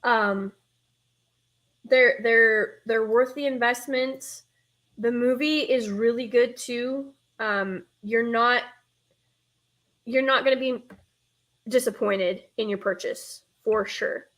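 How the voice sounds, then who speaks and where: Slow and often pausing, the young host speaks with a fairly high, fairly bright voice and a steady tone. She has a Northern US accent and rambles casually on her nostalgia stream, reading chat aloud and breaking off mid-thought.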